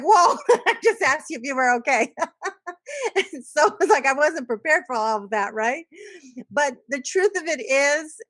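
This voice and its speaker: A middle-aged woman educator giving a workshop talk on children's emotions, animated and acting out little voices with laughs. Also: fairly high pitch, no echo.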